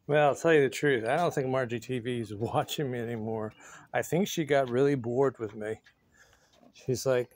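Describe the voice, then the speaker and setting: A man's voice: medium pitch, normal speed. A man vlogging outdoors on his phone while doing yard work, chatting and rambling to his viewers and laughing often. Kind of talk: casual chat to viewers. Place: outdoors in a neighborhood yard, windy. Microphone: phone camera.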